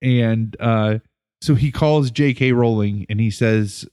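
A male educator co-hosting a relaxed podcast, telling an anecdote in an unhurried, meandering way. He pauses and restarts often and leans on fillers as he goes. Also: medium pitch, clean tone. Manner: rambling, with many fillers and restarts. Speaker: podcast co-host. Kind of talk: casual storytelling chat.

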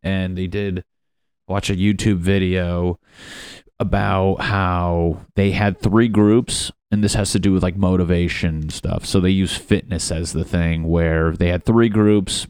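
A man's voice: sits low, steady tone, a little slow, a little mellow, smooth, dry recording. A young man hosting a casual solo podcast, rambling and self-mocking with plenty of swearing. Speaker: podcast host.

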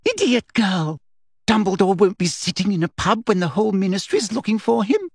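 A woman's voice: medium pitch, animated, moderate pace, darkish tone, husky, no room sound, clean studio sound, pitched above the performer's own voice. A woman reading aloud and voicing a sugary, grasping female official who questions a student harshly and eagerly. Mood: shrill, scornful. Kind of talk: dramatic reading.

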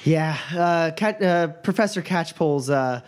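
A man's voice: on the high side, unhurried, smooth, pitched above the performer's own voice, natural voice. A man voicing a nervous, stammering young satyr woman student, eager and polite.

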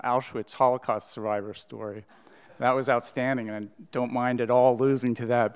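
A man telling a story to a live audience, relaxed and pausing often. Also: mid-range voice, in a large hall. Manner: relaxed, hesitant with fillers. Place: small hall with a live audience.

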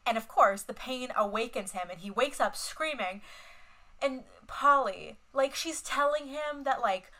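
A woman's voice: high voice, measured pace, sharp tone, low-quality recording. A young woman co-hosting a podcast, chatting casually and retelling film scenes with lots of fillers and swearing. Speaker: podcast co-host. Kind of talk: casual chat.

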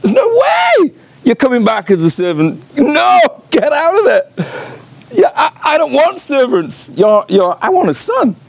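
A man voicing an elated old father in a retold parable, calling out in a high, loud, emphatic voice. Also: wildly swooping pitch, measured pace, vocal fry, no echo, exaggerated voice. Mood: exclaiming. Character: overjoyed old father refusing his son's offer.

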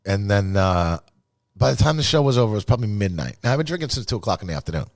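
A man with a lowish voice tells a rambling, self-deprecating story full of swearing, in loose podcast conversation. The sound is dry and close, with no room around it. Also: sing-song, very fast, dry recording.

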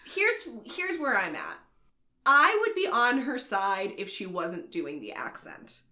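A woman co-hosting a casual podcast, giving her opinions deliberately and chiming in with agreement. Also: mid-range voice, huge pitch swings, pushed and bright. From Boston area, US. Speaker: podcast co-host.

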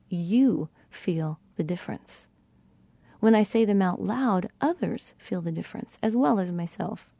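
A middle-aged woman giving a teaching talk about tone of voice and self-talk, speaking deliberately and shifting her inflection to show how phrases change meaning. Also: mid-range voice, mellow, no room sound. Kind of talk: teaching monologue.

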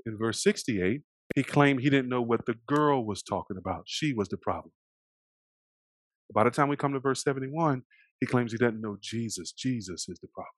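A man preaching a sermon, animated, swinging between loud emphasis and hushed moments, sometimes acting out the voices of the people in the story. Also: medium pitch, moderate pace, dry recording. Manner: animated, acts out voices of the characters.

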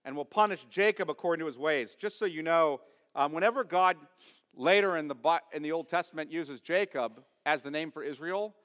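A man preaching a sermon as pastor, emphatic, asking his congregation questions and swinging from loud stress to quiet asides. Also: on the high side, fairly quick, long reverb tail. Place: church sanctuary.

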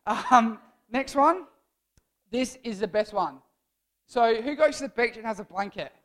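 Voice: medium pitch, expressive, measured pace, a bit bright. A young adult giving a casual, jokey youth sermon as a church speaker, rambling and playful.

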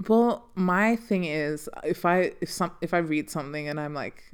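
Loud, laughing woman podcast co-host. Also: sits low, steady tone, fairly quick, hardly any pauses, smooth. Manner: loud, laughs often, chatty. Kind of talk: casual chat.

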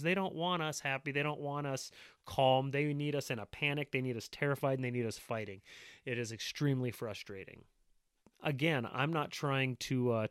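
A man's voice: medium pitch, no echo, studio quality. A man making online videos, ranting at length in an angry, insistent, repetitive way. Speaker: video maker. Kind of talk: impassioned ranting monologue.

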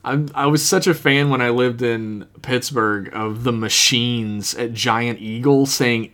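A man co-hosting a casual podcast, introducing listener emails and tossing in quick jokes and asides. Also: mid-range voice, fairly bright tone. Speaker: podcast co-host. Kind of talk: casual chat.

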